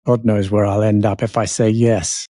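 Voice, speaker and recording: A man's voice: fairly low pitch, little pitch movement, normal speed, mellow, no echo, clean studio sound. A middle-aged Englishman with a London accent, chatting casually as co-host and telling rambling, self-mocking stories. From England. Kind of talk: casual chat.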